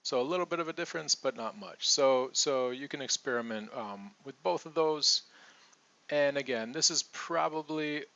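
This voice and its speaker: A man's voice: mid-range voice, moderate pace, gravelly, pushed and bright, lo-fi sound. A man teaching pronunciation, patiently repeating example sentences. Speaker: accent coach. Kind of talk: relaxed teaching monologue.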